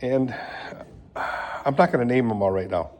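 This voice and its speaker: Filmed on a handheld phone, this casual vlog follows an older man from Michigan, USA, as he meanders through fillers and talks to his animals in the house and the horse stalls. His mid-range voice is slightly dark and moves at a measured pace, with a little background noise.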